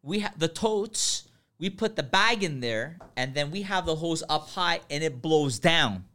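A man's voice: a little high, expressive, a little slow, pushed and bright. A man talking shop as a podcast guest, enthusiastic and jokey, calling the host "man" and "brother.". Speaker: podcast guest, spray foam contractor. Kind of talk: casual chat.

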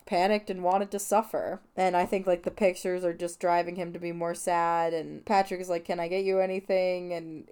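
A woman's voice: fairly low pitch, flat delivery, moderate pace, few pauses, a little mellow, clean tone. A woman hosting a film podcast, retelling a movie scene by scene in an emotional, gushing, chatty way. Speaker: podcast host. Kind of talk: casual film recap.

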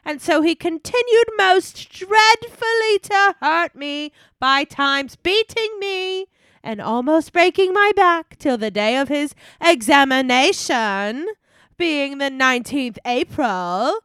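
A woman's voice: high-pitched, animated, slow pace, fairly bright tone, no echo, exaggerated voice. Lady putting on a big theatrical older woman voice, drawn out and showy, dry sound. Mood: grandly theatrical. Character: pompous theatrical older woman, grand and dramatic. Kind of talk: mock-dramatic reading of an old deposition.

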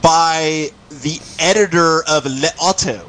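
A man's voice: fairly high pitch, takes it slowly, fairly bright tone, a little hiss or hum, poor audio. A man co-hosting a sports talk show over the line, chatting in an easygoing way with hesitant fillers. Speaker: co-host on the phone line. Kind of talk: casual sports radio chat.

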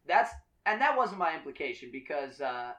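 A man's voice: a little high, very animated, normal speed, sharp tone, low-quality recording. Rambling man hosting a drinking podcast. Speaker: podcast host. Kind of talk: casual chat.

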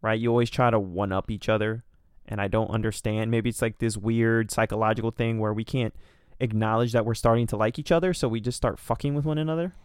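A man's voice: fairly low pitch, fairly even intonation, fast, clear, resonant tone, no room sound, studio quality. A young man casually telling a rambling, profane, self-deprecating story as a podcast co-host.

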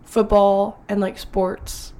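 A young woman co-hosting a podcast in a casual chat, giggly and quick to agree. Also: medium pitch, level tone, warm tone. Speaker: podcast co-host.

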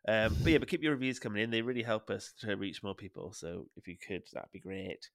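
A man's voice: on the low side, brisk, vocal fry, dry recording, studio quality. A young adult Welsh man hosting a podcast in a casual, jokey, playful chat. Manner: playful, jokey, laughs often. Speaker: podcast host.

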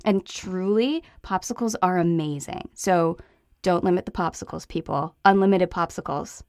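A woman co-hosting a parenting podcast, croaky from a flu, chatting in a lively way with fillers and emphatic repeats. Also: lowish voice, normal speed, dry recording, clean studio sound. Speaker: podcast co-host. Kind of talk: casual podcast chat.

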